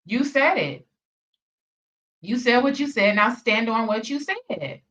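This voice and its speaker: A woman's voice: fairly high pitch, animated, takes it slowly, fairly bright tone. Blunt profane woman, distant lo-fi mic. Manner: blunt, profane, repetitive emphasis. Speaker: reaction channel host. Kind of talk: reaction commentary rant.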